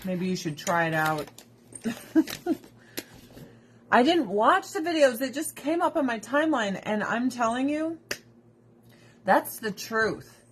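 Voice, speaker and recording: A woman talks straight to her livestream audience from home. She rants bluntly and swears freely, and her voice sits fairly high. A faint hiss of noise runs under the recording. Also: sing-song, takes it slowly, long pauses. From United States. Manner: blunt, profane, opinionated ranting. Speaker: livestream host. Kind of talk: casual livestream chat. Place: at home with pets.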